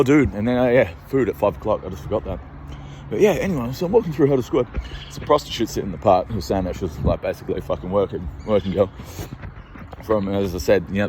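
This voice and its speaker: Pacing a city street with his phone, a deep-voiced Australian man rambles to the camera, agitated and swearing constantly. His tone is darkish, and he sounds scared, jittery and on edge, with faint traffic in the background.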